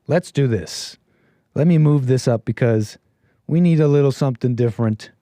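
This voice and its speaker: A man hosting a casual livestream call-in show, rambling and correcting himself, his voice swinging between quiet asides and louder bursts. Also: medium pitch, moderate pace, no echo, studio quality. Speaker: livestream host.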